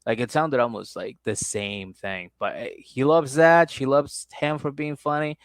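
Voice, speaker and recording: A man's voice: medium pitch, steady tone, measured pace, no room sound. A man co-hosting a podcast, chatting loosely as he recaps a reality show. He laughs often and mimics people in a raised voice. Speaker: podcast co-host.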